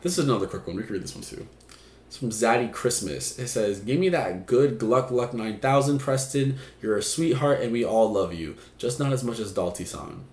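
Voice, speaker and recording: A stream host from Puerto Rico runs an advice stream as casual chat, chatty and joking, swearing casually. His mid-range voice is expressive, brisk, and darkish, recorded in an echoey room.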